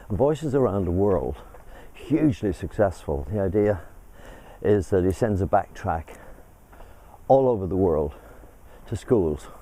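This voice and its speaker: An older man from England talks while walking uphill through a village, slightly out of breath and chatty, often breaking off mid-thought. His voice sits low and mellow. Faint outdoor sound and passing traffic hum behind him. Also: poor audio. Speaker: vlog host. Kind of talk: casual walking vlog.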